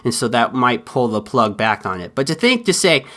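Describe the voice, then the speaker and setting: Podcast host guy, fired up then going quiet, mid-pitch voice. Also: big pitch swings, moderate pace. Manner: impassioned, swings from heated to subdued. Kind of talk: solo opinion commentary.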